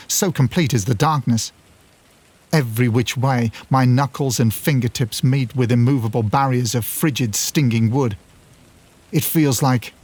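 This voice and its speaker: A British man narrating a first-person horror story, his voice set at a middle pitch. He reads tensely and dramatically. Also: darkish tone.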